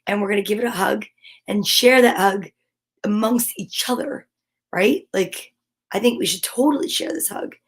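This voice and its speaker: A woman's voice: mid-range voice, moderate pace. A woman hosting storytime, reading a picture book aloud with playful, chatty asides. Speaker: storytime host.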